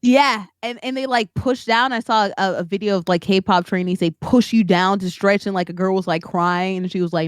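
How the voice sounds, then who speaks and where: A woman's voice: mid-range voice, steady tone, moderate pace, few pauses, smooth, no room sound. A woman guest in casual podcast chat who laughs often and readily agrees with the host.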